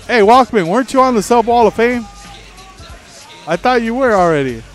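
A man hosting a livestream, telling a story in a profane, animated way, with faint music behind. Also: very high voice, moderate pace, a faint crowd. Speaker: livestream host. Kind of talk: casual storytelling on stream.

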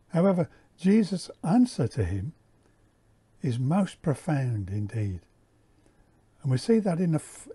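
A man giving a measured Bible teaching, repeating key words and explaining the original Greek. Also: mid-range voice, dark tone, husky. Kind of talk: slow, deliberate Bible teaching.

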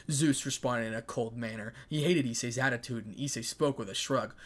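A man reading a fan story aloud in a plain, even way, with small slips. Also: medium pitch, moderate pace.

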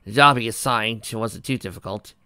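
A man narrating a fan fiction chapter aloud in a plain, even storytelling read. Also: on the low side, moderate pace, smooth, no room sound, studio quality.

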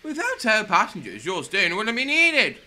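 A man's voice: high voice, wildly swooping pitch, normal speed, voice pushed up, heavily acted. A man voicing a proud, polite female passenger coach who speaks earnestly. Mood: indignant. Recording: loud music under the voice.

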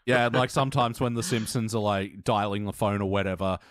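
A man's voice: lowish voice, steady tone, fairly quick, dry recording, studio quality. A man hosting a podcast in casual chat, leading the talk with a joking manner and the odd swear word. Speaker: podcast host.

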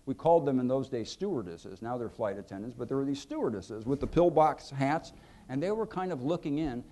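A man in his fifties, an author telling anecdotes to an audience at a museum event, acting out quotes with lively pitch and volume. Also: a little hiss or hum. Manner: animated, acts out quotes with lively shifts in pitch and loudness. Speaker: author giving a book talk.

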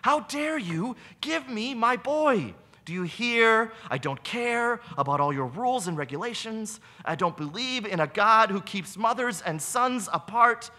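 A man voicing a shrill, furious grieving mother. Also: lively intonation, bright, forceful tone, heavily acted. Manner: shrill, raised, slow insistent demands. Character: grief-crazed young mother, furious and possessive.

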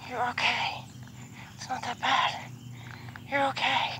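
A horse trainer speaking outdoors, softly reassuring a nervous horse over and over and now and then explaining her training to the camera. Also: fairly high pitch, a little slow, long pauses, noisy background. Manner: soft, reassuring repetition to a horse.

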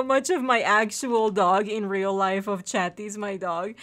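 A woman's voice: medium pitch, unhurried, few pauses, a bit bright. A woman giving let's play commentary, chatty and cooing to her in-game puppy. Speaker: gaming video creator.

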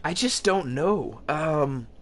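A young man with a slightly high voice speaks slowly and animatedly while commenting on a horror game he plays for his gaming videos. Nervous and talkative, he swears now and then and shouts when something scares him.

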